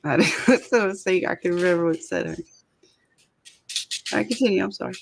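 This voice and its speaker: A woman's voice: medium pitch, brisk, vocal fry, husky. A woman co-hosting a casual livestream, thinking aloud and distracted while she edits a video. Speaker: co-host editing a video.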